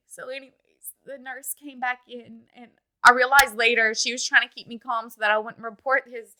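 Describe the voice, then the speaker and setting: A woman in her thirties from Louisiana, telling a personal story in a halting, emotional way and retelling conversations with "I was like.". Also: sits high, steady tone, sharp tone, rough recording. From Louisiana, USA. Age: 30s. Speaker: interviewee sharing a personal story. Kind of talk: casual spoken recollection.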